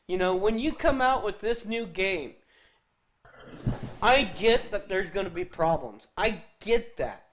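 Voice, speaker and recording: A man chatting casually on a live gaming stream while racing, prone to excitable bursts of surprise. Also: sits high, measured pace, a little hiss or hum, poor audio. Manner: excitable, bursts of "ooh" and repeated "really?". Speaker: streamer racing on a game livestream.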